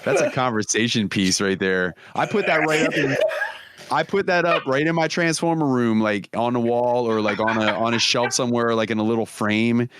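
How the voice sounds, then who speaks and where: A man's voice: medium pitch, normal speed, background noise. A man hosting a casual comedy podcast, telling rambling, profane stories and laughing often as he goes. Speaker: podcast host.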